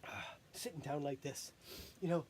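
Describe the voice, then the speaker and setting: A person rambling through a self-recorded monologue, halting and often breaking into laughter while catching their breath. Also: medium pitch, slight background noise.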